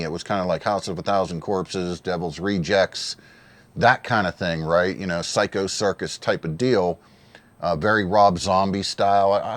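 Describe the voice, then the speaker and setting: A man's voice: deep voice, no echo. A man giving casual, earnest solo commentary on a wrestling show, emotional and given to repeating himself.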